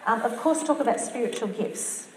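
A woman's voice: on the high side, expressive, moderate pace, slight background noise. A woman preaching a topical sermon in an earnest, conversational way, reading scripture aloud. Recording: roomy church sound.

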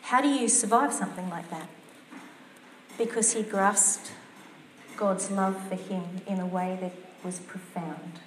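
A woman's voice: mid-range voice, unhurried, slight background noise. A woman preaching a topical sermon in an earnest, conversational way, reading scripture aloud. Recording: roomy church sound.

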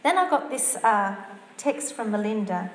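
A woman's voice: medium pitch, very animated, measured pace, slight background noise. A woman preaching a topical sermon in an earnest, conversational way, reading scripture aloud. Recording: roomy church sound.

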